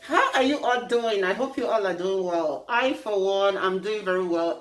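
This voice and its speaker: A woman's voice: medium pitch, moderate pace, hardly any pauses, echoey room. A Nigerian woman vlogging in a playful, teasing and preachy tone, joking as she lectures her viewers. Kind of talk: casual humorous vlog.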